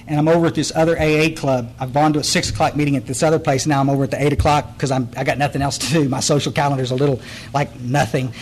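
Man, middle-aged, recovery speaker; raised-pitch voice, emphatic testimony with restarts. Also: a little hiss or hum, rough recording. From Texas Hill Country. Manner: earnest, blunt, emphatic, restarts and repeats words. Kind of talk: personal testimony talk.

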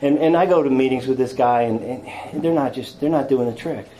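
A man telling his own recovery story to an audience in a rambling, self-deprecating way, full of restarts and quick impressions of other people. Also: medium pitch, dark tone, a little hiss or hum, poor audio. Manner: acts out others with quick quoted voices. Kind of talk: personal recovery talk to an audience.

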